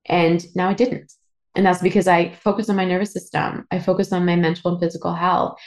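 A woman talks to her listeners in a candid, emotional solo podcast monologue. Her lowish voice has plenty of gravelly fry, and she swears casually as she goes. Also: darkish tone. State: emotional, teary. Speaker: podcast host.

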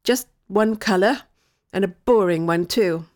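A woman voicing an anxious young girl who is quick to suspect a trick and pleads when upset. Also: medium pitch, darkish tone, close to an everyday voice. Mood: petulant.

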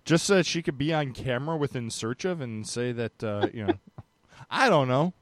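A man's voice: mid-range voice, expressive, normal speed, no echo. A man hosting a podcast, chatting casually and joking, with a rambling delivery full of fillers. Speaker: podcast host.

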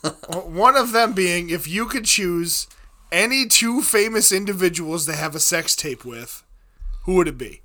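A man hosting a podcast in casual chat, crude and quick to laugh. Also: high-pitched, lively intonation, sharp tone. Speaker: podcast host.

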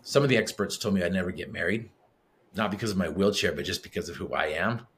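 A low-pitched, slightly bright voice belongs to this fast-talking middle-aged man, and a little hiss or hum sits under the recording. As a podcast guest he tells a personal story conversationally, vividly acting out the dialogue.

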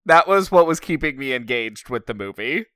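A man making wry, deadpan remarks in a casual chat among friends. His voice is smooth and clear at a middle pitch, and the recording is dry and close. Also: normal speed, no echo. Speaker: podcast co-host.

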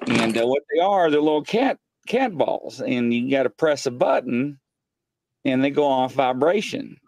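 A man hosting a live paranormal show from his home studio, telling ghost stories excitedly and acting out what people said. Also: medium pitch, normal speed, slight background noise. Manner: excitable storyteller, acts out quotes. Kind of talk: casual live-stream chat. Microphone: desk mic.

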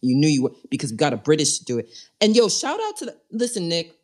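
A woman host talking in a loose, jokey way, her pitch swinging widely as she riffs. She shoots up into high squeals when something excites her. This is lively, casual banter between co-hosts. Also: quick pace. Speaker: podcast and radio show host.

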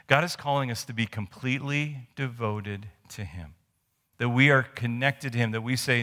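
A man speaks at a moderate pace in a medium-pitched, bright and forceful voice as he delivers a sermon. As pastor, he tells stories conversationally, restarting and wandering into asides, while the church sanctuary adds long hall reverb.

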